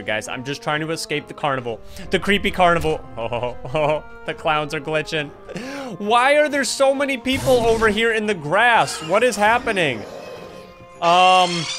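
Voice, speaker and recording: A young man giving excited gameplay commentary, laughing often and calling out to his teammates. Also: on the high side. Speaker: gaming YouTuber.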